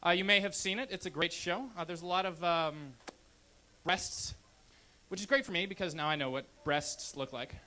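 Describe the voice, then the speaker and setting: This is a young man from Canada doing stand-up at a club, holding the mic and keeping his humor brash and deadpan. His pitch is high, and he speaks at a normal speed.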